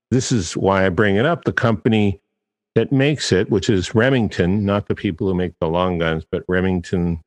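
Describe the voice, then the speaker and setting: A man's voice: low-pitched, big-room sound. A man hosting a podcast, talking casually in a chatty, digressive and self-deprecating way. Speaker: podcast host.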